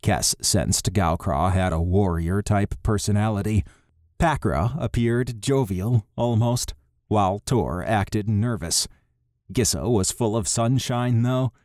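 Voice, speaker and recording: A man reading an audiobook in an even, measured narration. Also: on the low side, dry recording, clean studio sound. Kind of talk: scripted narration.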